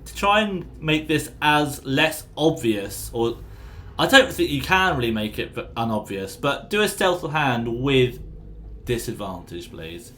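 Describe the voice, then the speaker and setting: A man's voice: mid-range voice, very animated, unhurried, a bit bright. A man running a tabletop game, chatty and apologetic, full of fillers. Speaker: game master.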